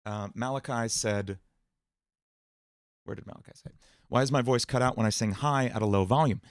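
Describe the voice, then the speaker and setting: A man of middle pitch talks loosely through a livestream Q&A on singing. He explains in a relaxed way, full of "um" and "uh". The sound is close and dry. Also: normal speed, dry recording. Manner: relaxed explaining, many fillers, breaks into sung and put-on voice demos. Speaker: music producer and livestream host.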